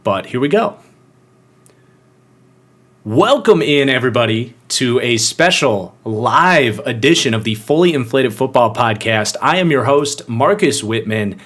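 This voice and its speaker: Young man, podcast host, casual rambling live-stream chat, mid-pitched voice. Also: animated, a little slow, a bit bright. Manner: casual, rambling, greets chat viewers by name.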